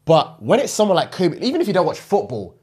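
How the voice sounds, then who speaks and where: A young man with a slightly husky voice, co-hosting a casual podcast. His pitch swings widely as he tells a story, and he keeps encouraging his friend with short agreeing replies. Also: quick pace. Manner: supportive listener, lively storytelling. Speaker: podcast co-host. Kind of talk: casual chat.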